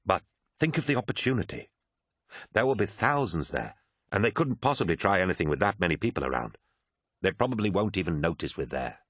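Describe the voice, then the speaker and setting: A man reading an audiobook, voicing an old male orator who reasons in a measured, persuasive way. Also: deep voice, big pitch swings, fairly bright tone, husky, dry recording, studio quality, heavily acted. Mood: reasoning.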